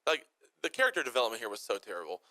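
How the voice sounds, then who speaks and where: A young man co-hosting a movie review show, joking quickly and putting on silly voices for characters. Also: lowish voice, very animated, sharp tone, no echo, low-quality recording. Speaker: podcast co-host. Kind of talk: casual movie review chat.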